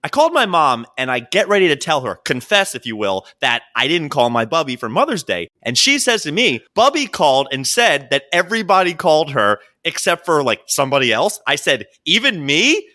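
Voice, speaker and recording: Lively bright-voiced man telling stories. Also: fairly high pitch, brisk, hardly any pauses. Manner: animated storyteller, acts out quotes. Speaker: podcast co-host. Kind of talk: casual chat.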